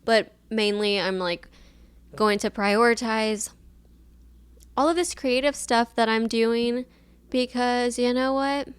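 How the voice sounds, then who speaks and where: On her solo podcast, a young woman in her twenties recounts a personal story chattily and emotionally, with many fillers. Her voice sits high and smooth as she speaks slowly with long pauses, captured on a camera mic without echo.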